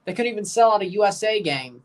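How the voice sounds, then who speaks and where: A woman's voice: medium pitch, expressive, fast, distant mic. A woman hosting a live match watchalong, chatting casually and calling the plays in short bursts.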